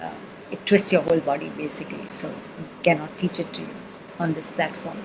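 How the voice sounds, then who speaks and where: A woman's voice: low voice, fairly even intonation, a little fast, vocal fry, background noise. A woman with an Indian accent teaching sound healing, patiently repeating syllables and checking that the listener follows. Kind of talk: spoken lesson with chanting demonstrations.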